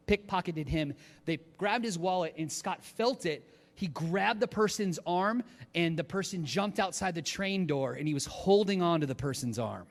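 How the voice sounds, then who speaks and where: Animated pastor in a reverberant hall. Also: male voice, high-pitched. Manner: animated, lively storytelling with acted-out quotes. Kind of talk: storytelling sermon.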